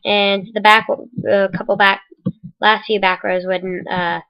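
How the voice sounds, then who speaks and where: Her mid-range voice stays level and unhurried, clear with a resonant tone. She talks through a game-building tutorial in relaxed voice-over, wandering off and fixing her own mistakes, hiccups and all, on a dull lo-fi microphone.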